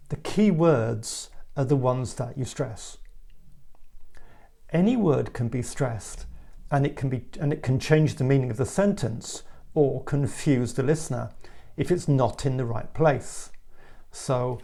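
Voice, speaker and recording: Man, teacher, gravelly voice, clear explanatory delivery, lively acted examples. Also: unhurried. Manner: clear explanatory delivery, acting out example sentences with big pitch swings. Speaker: English pronunciation teacher. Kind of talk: spoken English lesson with read-out examples.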